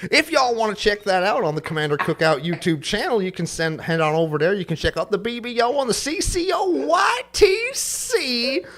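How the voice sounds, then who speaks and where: Drawling old-time movie cowboy, as a podcast host puts him on, folksy, y'all-heavy, pitched up, swooping. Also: male voice, animated, normal speed, hardly any pauses, fairly bright tone. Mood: hammy.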